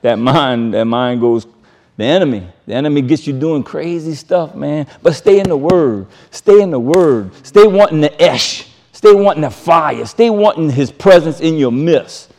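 Brief: man, Bible teacher reading scripture with commentary; emphatic, folksy, repeats key lines, voice a touch high. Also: animated, moderate pace, darkish tone. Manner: emphatic, repeats key phrases, chuckles between points; casual, folksy phrasing.

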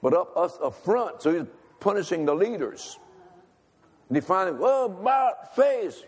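Older preacher in an echoing hall. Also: male voice, a little high, lively intonation, moderate pace, husky. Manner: conversational, calls for audience response. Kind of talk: sermon with personal story. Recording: long reverb of a large hall.

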